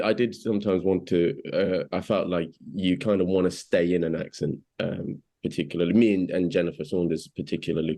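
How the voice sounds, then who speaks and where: Interviewee: English man, very low voice, halting, casual. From England. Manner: hesitant, many restarts and fillers, animated when quoting. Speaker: actor being interviewed.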